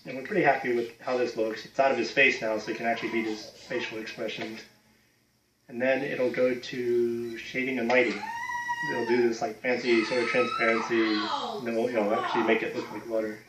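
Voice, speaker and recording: Man, effects artist, casual explainer, lots of asides, mid pitch, roomy echo. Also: little pitch movement, brisk, background noise. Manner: casual, filler-heavy, "you know" asides.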